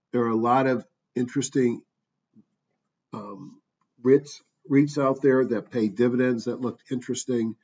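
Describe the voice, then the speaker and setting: A man's voice: mid-range voice, mellow. A man talking through stock charts in an offhand, thinking-aloud way, with frequent ums and asides. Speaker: stock market commentator. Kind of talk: casual screen-share market review. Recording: dull distant mic with faint noise.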